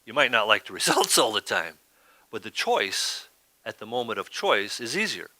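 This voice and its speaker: A man's voice: lowish voice, sing-song, normal speed, pushed and bright, no room sound. A man preaching a sermon as pastor, talking in a conversational way and often asking "right?".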